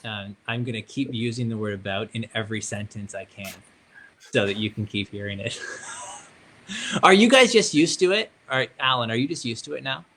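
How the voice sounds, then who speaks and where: A man with a Canadian accent hosting a relaxed book club chat, upbeat and joking, thinking aloud with fillers. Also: mid-range voice, moderate pace, a little hiss or hum. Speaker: host.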